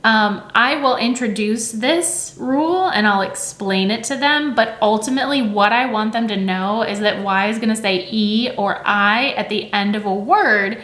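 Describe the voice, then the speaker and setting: A woman's voice: on the high side, normal speed, hardly any pauses, fairly bright tone, roomy sound. A woman teacher explaining reading rules in a conversational way, often checking in with "right?" and saying sounds aloud to demonstrate. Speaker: teacher and educator.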